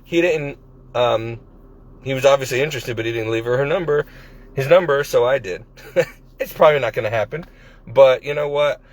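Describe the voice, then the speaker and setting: A man's voice: mid-range voice, normal speed, long pauses. A man in his forties talking in a casual personal vlog, rambling and hesitant with many restarts, recorded on a phone. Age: 40s. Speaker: vlogger. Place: at his workplace.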